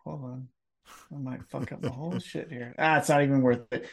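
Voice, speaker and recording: A man's voice: mid-range voice, fairly even intonation, fairly quick, gravelly, husky. A man co-hosting a casual wrestling podcast, ranting with strong opinions and frequent swearing. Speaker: podcast co-host.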